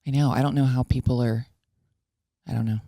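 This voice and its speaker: A woman's voice: a bass voice, fairly even intonation, fairly quick, mellow, dry recording, studio quality. A woman co-hosting a podcast, chatting casually in a rambling, self-deprecating way and laughing often. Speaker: podcast co-host.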